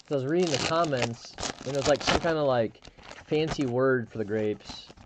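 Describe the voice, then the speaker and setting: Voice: medium pitch, normal speed, heavy background noise. A live stream host chatting casually, telling a rambling story with frequent restarts and fillers.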